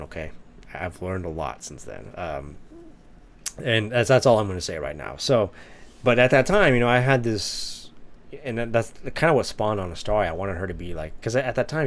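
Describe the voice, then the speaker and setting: A man's voice: fairly low pitch, a little hiss or hum. A young man reading his old novel manuscript aloud and mocking it in a chatty way, full of fillers and restarts. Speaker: writing vlogger.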